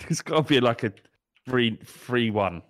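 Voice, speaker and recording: A man's voice: mid-range voice, lively intonation, measured pace. A man co-hosting a casual football podcast, joking and telling stories with frequent laughs. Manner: storytelling, jokey, laughs often. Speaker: podcast co-host.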